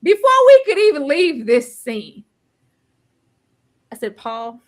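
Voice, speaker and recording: A woman hosting a TV recap chat, talking in an animated, emphatic way with bursts of exasperated exclamation. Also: high voice, slow pace. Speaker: TV recap podcast host. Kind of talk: casual chat.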